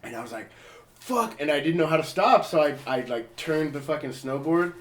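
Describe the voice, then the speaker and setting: A young man hosting a podcast, telling a story in casual chat, animated and swearing a lot, with his voice leaping up high for quoted people. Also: brisk, roomy sound, recorded from a distance. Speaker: podcast host. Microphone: portable recorder.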